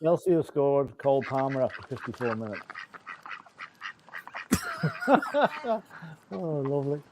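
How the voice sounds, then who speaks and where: A man co-hosting a casual live football chat stream, giving score updates in a relaxed, chuckling way. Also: mid-range voice, takes it slowly, slight background noise.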